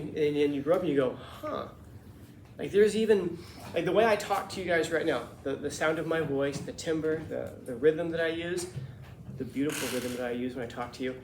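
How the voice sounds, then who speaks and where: A man's voice: on the high side, echoey room, a little hiss or hum. A male teacher lecturing his class in a conversational, emphatic way, acting out the voices of people he quotes. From Los Angeles.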